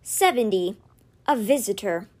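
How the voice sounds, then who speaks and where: A woman reading a novel aloud with expressive, animated storytelling. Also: medium pitch, measured pace. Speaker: audiobook reader.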